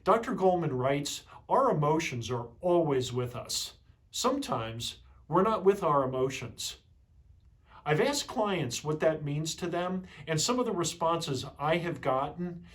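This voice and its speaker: Measured male leadership trainer, slightly high. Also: lively intonation. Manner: measured, explanatory, asks rhetorical questions. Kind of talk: instructional talk to camera.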